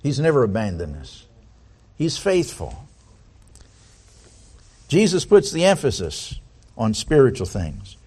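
A man's voice: medium pitch, huge pitch swings, takes it slowly, long pauses, dark tone, slightly rough. A man preaching a sermon, reading scripture aloud and putting many rhetorical questions to the congregation.

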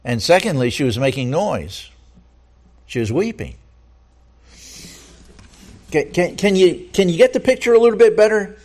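A man's voice: high-pitched, lively intonation, a little fast, hardly any pauses, darkish tone. A man preaching a sermon, reading scripture aloud and asking the listeners earnest rhetorical questions, often stumbling and repeating words as he goes.

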